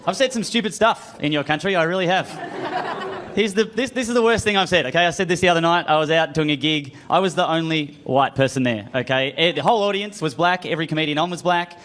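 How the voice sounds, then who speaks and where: A man's voice: fairly high pitch, fast talker, fairly bright tone. An Australian man doing a stand-up comedy set on a club stage, self-mocking and acting out the voices in his stories. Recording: live club audience and room noise.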